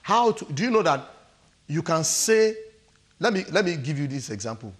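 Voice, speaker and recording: A man's voice: a little high, big pitch swings, normal speed, a bit bright. A man with a Nigerian English accent, giving emphatic relationship advice on a studio talk show. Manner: emphatic, acts out quotes, laughs often. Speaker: studio guest counsellor.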